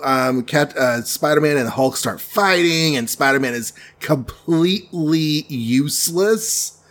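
A man retelling a comic book plot in a rambling, jokey way, full of ums and asides. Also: medium pitch. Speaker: comics storyteller. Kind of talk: casual retelling.

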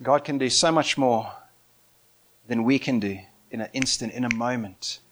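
A man preaching a lively sermon, telling stories with frequent laughter and acting out the voices of the people in them. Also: mid-range voice, moderate pace. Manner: animated, laughing often, acts out quoted voices.

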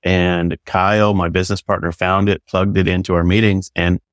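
A man's voice: sits low, level tone, normal speed, no echo, clean studio sound. A man who works as a business consultant and coach, talking enthusiastically in a loose, rambling way full of fillers. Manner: enthusiastic, rambling, many fillers like "you know". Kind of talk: casual podcast conversation.

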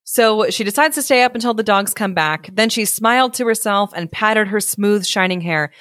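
A woman reads a folk tale aloud with playful, giggly asides. Her pitch is mid-range for a woman. The sound is close and dry. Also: normal speed, a bit bright, no room sound. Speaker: podcast host and story reader.

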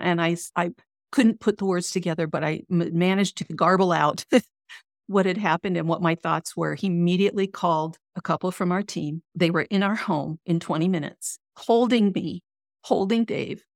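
Interview guest: middle-aged woman, low-pitched, gravelly, earnest faith testimony, dry close sound. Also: normal speed, no echo. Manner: earnest, emotional storytelling. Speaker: guest, author and coach.

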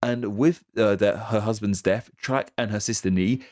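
A man co-hosting a history podcast, explaining things quickly and rambling a little. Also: fairly low pitch, darkish tone, no room sound, studio quality. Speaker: podcast co-host. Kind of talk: casual history podcast chat.

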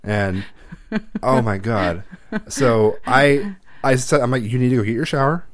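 A man's voice: medium pitch, measured pace, no echo, clean studio sound. A man in his thirties, a parent, telling a heated story in casual chat and swearing often.

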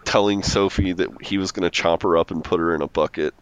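Amused low-voiced man, dry close sound. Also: fairly even intonation, fast talker, clear, resonant tone, dry recording. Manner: amused, laughs often while recounting scenes. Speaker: podcast co-host. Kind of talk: casual chat recapping a TV episode.

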